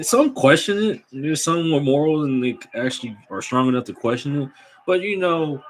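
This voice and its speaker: A young man casually recapping a manga chapter, excitable and slangy, reading out the characters' lines as he goes. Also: medium pitch, poor audio.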